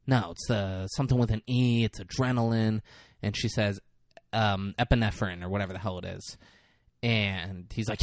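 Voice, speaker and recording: A man co-hosting a podcast, recapping a movie in a crude, animated way and acting out the characters' lines. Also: fairly low pitch, brisk, dry recording, clean studio sound. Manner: crude, animated retelling with acted-out quotes. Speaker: podcast co-host. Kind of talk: casual movie recap chat.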